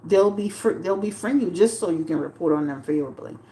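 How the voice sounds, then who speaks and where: A woman tarot reader chatting on a livestream to her viewers, animated and repetitive, full of fillers and restarts. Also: fairly low pitch, fairly quick, slight background noise. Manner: animated, talks straight to chat, repeats herself with many fillers. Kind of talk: casual livestream commentary.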